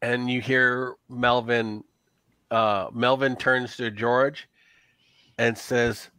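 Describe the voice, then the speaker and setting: A man's voice: mid-range voice, little pitch movement, extremely slow, bright, forceful tone, clear, resonant tone, dry recording. A man narrating a tabletop horror game as game master, in a casual, loose way with frequent laughs. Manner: casual, laughs often, slips into character voices.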